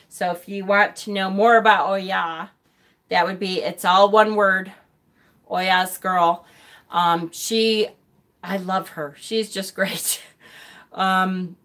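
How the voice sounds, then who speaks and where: Middle-aged woman, live-stream host, chatty and rambling, quick to laugh, everyday mid-range voice. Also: mid-range voice, bright, forceful tone. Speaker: livestream host. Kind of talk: casual live chat reading viewer comments.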